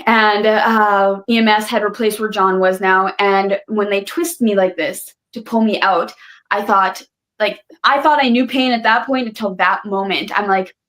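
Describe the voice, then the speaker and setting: A young woman speaking earnestly as a podcast guest, her voice at an ordinary middle pitch. She retells events vividly, slipping into the words people said to her. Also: steady tone, a little slow, fairly bright tone. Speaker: guest telling her story. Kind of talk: emotional personal storytelling.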